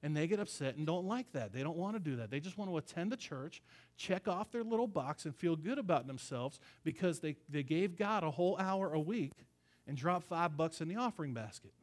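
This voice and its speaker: A male pastor delivers a sermon in a relaxed, conversational way. He speaks a touch higher than most men. He stresses his points firmly and drops in slangy asides. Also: fairly quick. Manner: casual and emphatic, slangy asides.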